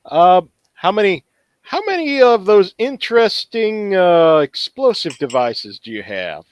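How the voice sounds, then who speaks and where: A man's voice: high-pitched, big pitch swings, unhurried, no echo. A man playing in a tabletop game, cracking jokes and making playful asides. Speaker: player. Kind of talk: casual tabletop game banter.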